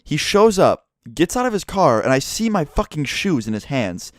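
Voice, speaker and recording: Young male YouTuber, casual storytime delivery, heavy swearing, mid-pitched voice, dry close sound. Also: moderate pace, no echo. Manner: profane, animated storytelling with acted quotes.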